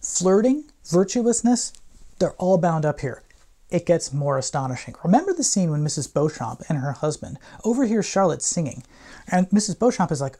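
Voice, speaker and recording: Male professor, classroom lecture, mellow dark tone, irreverent slangy asides, theatrical quote readings. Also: a little high, expressive, brisk, gravelly.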